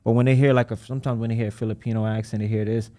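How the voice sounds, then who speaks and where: A man who runs a credit repair business, talking as a guest in a casual podcast conversation, animated and emphatic with lots of slang. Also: medium pitch, very fast, dry recording.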